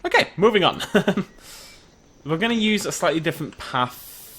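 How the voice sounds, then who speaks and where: Excitable man with wild pitch swings. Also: moderate pace. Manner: excitable, chatty, talks to the creatures. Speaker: gaming YouTuber. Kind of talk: game commentary.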